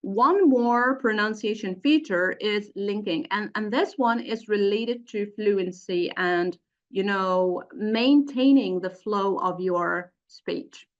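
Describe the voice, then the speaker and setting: Slow, deliberate woman teaching a webinar. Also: mid-range voice. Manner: deliberate, spells out points and demonstrates stress and tones aloud. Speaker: teacher trainer presenting a webinar. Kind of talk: slow online lecture with spoken examples. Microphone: computer mic for an online webinar. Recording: dull, lo-fi webinar audio.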